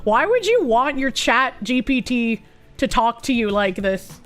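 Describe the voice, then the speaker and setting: A woman streamer giving casual reaction commentary, talking fast with sarcastic, profane remarks. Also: a little high, very animated, fairly bright tone, soft background music.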